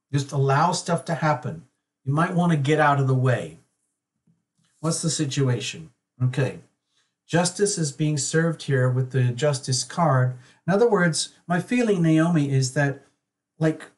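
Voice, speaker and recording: A man giving a live-streamed tarot reading, speaking straight to one viewer in a reassuring way and acting out her worried thoughts. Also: a little high. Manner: reassuring, addresses viewer by name, acts out worried voices. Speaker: tarot reader.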